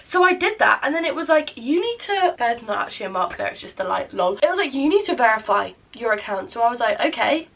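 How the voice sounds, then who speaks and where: High-voiced woman, sweary rambling vlog. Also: sing-song, fast talker, vocal fry, few pauses, a bit bright, far from the mic. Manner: self-deprecating, sweary, rambling storytelling. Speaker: vlogger. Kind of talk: casual day-in-my-life vlog chat. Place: at home, indoors.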